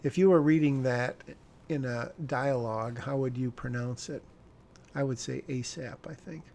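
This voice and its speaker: Gravelly man musing over his screenplay. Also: medium pitch, normal speed, a little mellow, slight background noise. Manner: rambling, self-correcting, wry asides. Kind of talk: casual talk about his screenplay.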